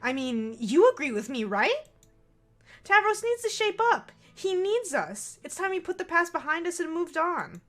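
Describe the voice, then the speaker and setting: A woman voicing a brash, bossy teenage troll girl in a loud, pushy voice with a valley-girl tilt. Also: extremely high pitch, sing-song, moderate pace, voice pushed up, full character voice.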